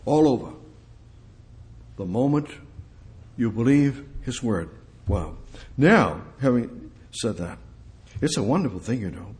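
A man's voice: expressive, unhurried, pauses often. Emphatic preacher man, repeating himself. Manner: emphatic, repeats phrases, asks the listeners questions; swings between loud exclamations and low asides. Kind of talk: sermon with Bible reading.

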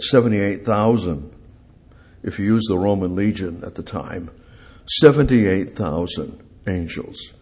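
Preacher guy going slow, repeats stuff, voice jumps up and down a lot. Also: a little mellow. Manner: halting, repeats phrases for emphasis; rises and swells on key words, then drops low. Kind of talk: sermon.

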